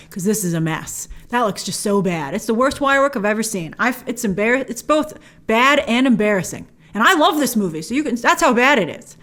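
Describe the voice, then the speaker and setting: Lady doing a trailer breakdown, kinda high voice, joking and snarky. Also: lively intonation, brisk, a bit bright. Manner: wry, joking, mocking asides. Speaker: movie trailer reviewer host.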